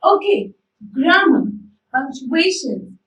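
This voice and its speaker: A native Arabic speaker teaches an English lesson in a school studio, repeating key words and posing rhetorical questions to the class. Her high voice swings widely in pitch and moves slowly. The room echoes, and she sounds distant from the mic.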